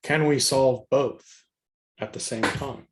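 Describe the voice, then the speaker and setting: A man taking his turn in a tabletop game, speaking slowly with many pauses. He hesitates and searches for words while describing what his character does. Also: medium pitch, fairly even intonation, a little hiss or hum. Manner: hesitant, full of fillers and restarts. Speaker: player.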